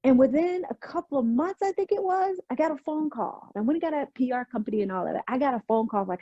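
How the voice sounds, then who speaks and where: Animated middle-aged woman telling her story. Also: high-pitched, fairly quick, husky, dry recording, dull audio. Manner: emphatic, testimonial, animated retelling. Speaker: guest. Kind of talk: storytelling interview.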